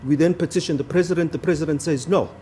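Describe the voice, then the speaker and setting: A man's voice: fairly high pitch, fast talker, dark tone, a little hiss or hum. A man arguing a legal point before a judge in a courtroom, formal and deferential to the bench, stressing key words. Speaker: advocate.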